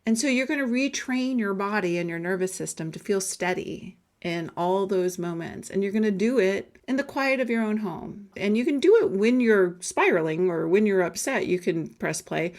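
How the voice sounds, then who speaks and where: A woman coach giving a conversational, emphatic sales pitch, telling a personal story and briefly acting out the voices she quotes. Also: animated, normal speed, hardly any pauses. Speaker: life coach selling guided audios.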